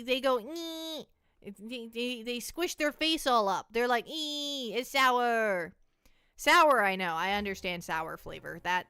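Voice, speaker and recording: Bright chatty young woman streamer. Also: fairly high pitch, smooth, no echo. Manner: chatty, self-mocking, talks to chat. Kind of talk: casual livestream chat.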